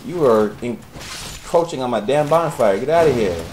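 A man's voice: medium pitch, lively intonation, normal speed, darkish tone, a little hiss or hum, poor audio. A young man giving profane, sarcastic commentary while playing a video game and talking to its characters. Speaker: gaming commentator. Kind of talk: Let's Play commentary.

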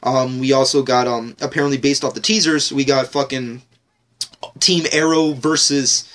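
A man's voice: mid-range voice, steady tone, moderate pace, fairly bright tone. A man ranting casually in a TV episode review vlog, rambling, joking and swearing heavily.

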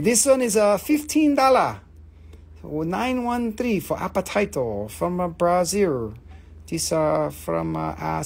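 Husky high-voiced man selling rocks live. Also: a little mellow. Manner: joking, swearing, calling out bidders. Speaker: live-stream mineral seller. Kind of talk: casual live auction chat.

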